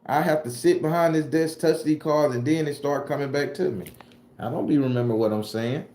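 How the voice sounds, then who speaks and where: A man's voice: on the high side, fairly quick, warm tone, a little hiss or hum. A man from southern Florida with a Southern US accent, a tarot reader and channel host talking casually on a livestream. He answers live chat comments in loose, profane slang. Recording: echoey room.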